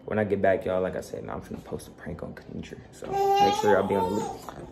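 A man's voice: deep voice, huge pitch swings, fast talker, vocal fry, heavy background noise. A young man and father chatting casually to his viewers in a laid-back, slangy way from home. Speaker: vlogger and father. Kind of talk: casual vlog chat.

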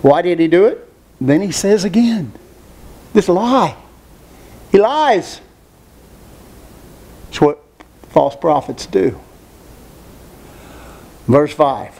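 A man's voice: high voice, very animated, takes it slowly, gravelly, pauses often, a little mellow. A man preaching a sermon, who speaks emphatically, asks rhetorical questions and repeats phrases.

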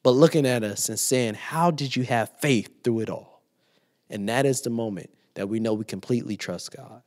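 A man preaching a sermon at an online church service, swinging from loud declaring to hushed near-whispers and repeating lines for emphasis. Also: mid-range voice, normal speed, faint music behind.

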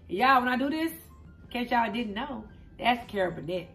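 A woman's voice: a little high, animated, moderate pace, creaky, fairly bright tone. A middle-aged woman hosting an eating show, chatting casually and rambling to her viewers, often calling them y'all and child. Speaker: mukbang host. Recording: speaking from a distance with faint music.

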